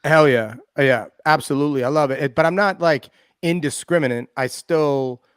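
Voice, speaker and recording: A man's voice: fairly high pitch, moderate pace, clear, resonant tone, no room sound. A man from Canada co-hosting a sports stream, laid-back and swearing casually as he chats. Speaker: podcast co-host.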